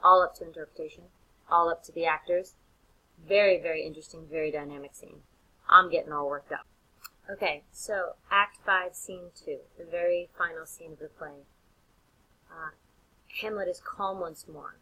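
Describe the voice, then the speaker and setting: Bright, animated woman teacher lecturing. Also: lowish voice, moderate pace, breathy edge, low-quality recording. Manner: animated, slangy retelling with many fillers and restarts. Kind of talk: casual lecture.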